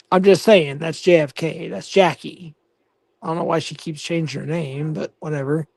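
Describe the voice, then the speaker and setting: A man hosts a casual livestream, reading viewer comments aloud and answering them with profane, mocking banter. He talks at an unhurried, drawn-out pace. The sound is dry and close, with no room around it. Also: high-pitched, gravelly, darkish tone, no echo. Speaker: livestream host.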